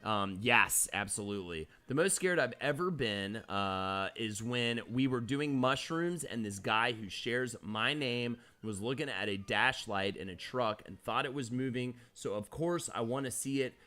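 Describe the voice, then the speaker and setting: A man's voice: medium pitch, lively intonation, unhurried, few pauses, bright, forceful tone. A man hosting a live-streamed podcast, reading chat comments aloud and telling stories casually, with swearing. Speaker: podcast host.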